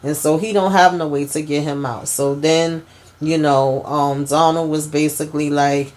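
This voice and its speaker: A woman's voice: sits low, steady tone, moderate pace, a little mellow. A woman hosting a casual TV episode recap, retelling scenes in a chatty way and often adding "you know" and "okay?". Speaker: host.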